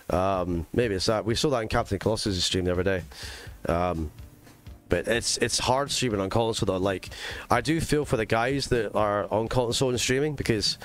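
A man with a mixed English and Scottish accent streaming a racing game live, chatting casually to his viewers with lots of fillers. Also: fairly low pitch. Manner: chatty, rambling, talks to chat with fillers. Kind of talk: live gaming stream chat.

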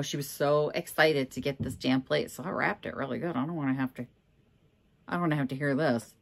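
A woman's voice: sits low, a little fast, vocal fry. A middle-aged woman from Minnesota, a reseller chatting casually and candidly with joking asides as she sorts auction finds. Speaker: reseller vlogger. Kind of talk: casual chat.

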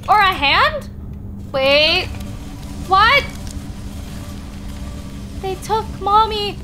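A young woman playing a horror game, reacting in a jumpy, excitable and panicky way. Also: very high-pitched, extremely slow, slight background noise. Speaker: gaming channel host. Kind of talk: horror game let's play commentary. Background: game music.

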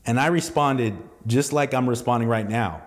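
A man from southern California is talking through a loose solo podcast monologue. His voice sits at an ordinary middle pitch. He rambles, swears and restarts his sentences, and a long reverb trails behind each phrase. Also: normal speed. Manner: rambling, profane, full of restarts and asides. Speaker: podcast host.

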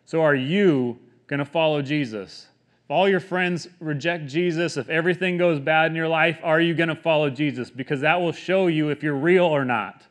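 A man in his thirties, a pastor, preaching a sermon in an earnest, conversational way that swings between quiet stretches and emphatic questions. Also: a little high, moderate pace.

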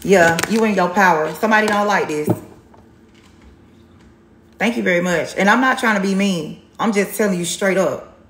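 A woman's voice: medium pitch, normal speed, long pauses, a bit bright, reverberant, slight background noise. A woman giving a live tarot reading, blunt and sassy, repeating herself for emphasis. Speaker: tarot reader on a livestream.

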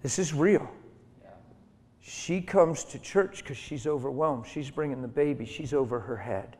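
A man's voice: mid-range voice, a little slow, a little mellow. A man preaching a sermon as a story, emphatic and conversational, acting out the voices of the people in it. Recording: hall reverb.

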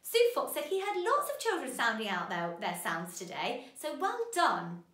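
A woman teaching a children's phonics lesson, giving bright, sing-song encouragement to young learners. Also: a little high, huge pitch swings, moderate pace, roomy sound.

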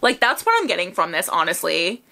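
A young woman hosting a music video reaction, gushing with excited squeals and gasps as loud music plays behind her. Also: on the low side, brisk, creaky. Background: loud music video playing.

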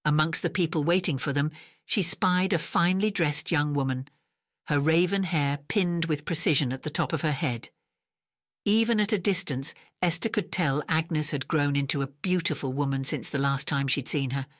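A woman narrating a romance audiobook in a measured, even storytelling manner, recorded close on a studio mic. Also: low voice, no room sound. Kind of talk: scripted narration.

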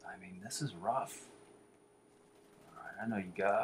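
Guy cussing thru a shooter match, mutters then yells, slowish, faint hiss behind. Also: fairly low pitch. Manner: swears a lot, swings from muttered whispers to frustrated shouts; calls himself the Warlock in the third person. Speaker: gameplay commentator. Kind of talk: live shooter-game commentary.

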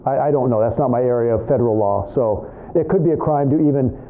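A male professor lecturing a class in an animated, rambling way, trading remarks with students, in a tinny, phone-like recording. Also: medium pitch, fast, slight background noise. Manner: animated, rambling, talks back and forth with students.

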